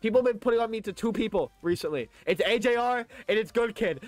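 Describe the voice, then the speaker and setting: A man's voice: high voice, fast talker, hardly any pauses, dry recording, faint music behind. A young man streaming a game, chatting casually and ranting in rambling reactions to his chat.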